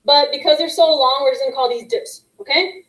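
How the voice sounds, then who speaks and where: A woman teaching young students a phonics lesson, patient and encouraging, slowly sounding out letter blends. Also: sits high, a bit bright, roomy sound, rough recording. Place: classroom with a whiteboard. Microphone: microphone picked up partway.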